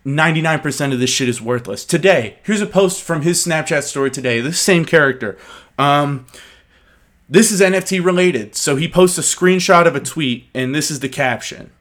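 A young man hosting a casual podcast, talking fast and profanely as he rants and mocks people. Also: fairly high pitch, a bit bright. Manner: profane, ranting, mocking. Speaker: podcast host.

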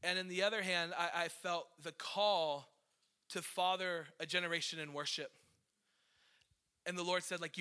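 A man's voice: high voice, fairly even intonation, moderate pace, pauses often, sharp tone, smooth. A man in his thirties, a worship leader, preaching a conversational, emotional sermon with self-deprecating asides.

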